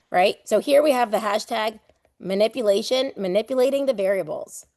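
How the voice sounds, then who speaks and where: A woman teaching a live online exam prep class, lively and playful, casual with swearing, acting out everyday examples. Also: a little high, a little fast, no room sound, studio quality.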